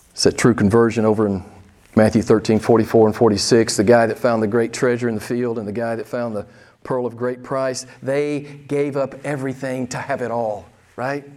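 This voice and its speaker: A man's voice: medium pitch, level tone, moderate pace, a little mellow. A pastor in his sixties preaching a candid, conversational sermon and putting pointed questions to his congregation in a church. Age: 60s. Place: church sanctuary.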